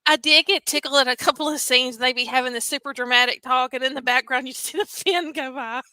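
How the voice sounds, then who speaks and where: A woman co-hosting a casual podcast, wry and quick to giggle. Her voice is bright and a bit high. The sound is dry and close. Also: fairly even intonation, smooth, no room sound, poor audio. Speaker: podcast co-host. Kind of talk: casual movie review chat.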